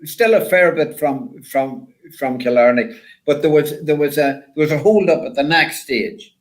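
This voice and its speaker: An older man, a former rally driver, telling stories in a rambling, animated way with lots of repeated words. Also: a little high, normal speed, low-quality recording. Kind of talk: casual storytelling chat.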